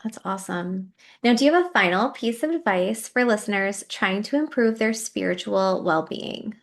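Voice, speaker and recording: A woman's voice: mid-range voice, animated, moderate pace. A woman hosting a podcast interview, listening closely, reacting briefly and then asking the next question. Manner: supportive listener with short reactions. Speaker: podcast host. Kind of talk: casual interview.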